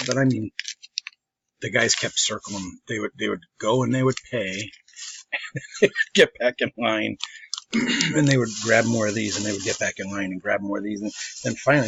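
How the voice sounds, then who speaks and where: A man's voice: lowish voice, a bit bright, husky. A man, a trading card collector telling a rambling, casual story and acting out what people said. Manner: rambling, laughs often, mimics people in quotes. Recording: slightly dull lo-fi audio with faint noise.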